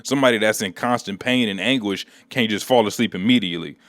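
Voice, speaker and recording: A man voicing a sharp-tongued talking computer that scolds its companion in slangy speech. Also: on the low side, fast, no room sound, lightly acted. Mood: pointed.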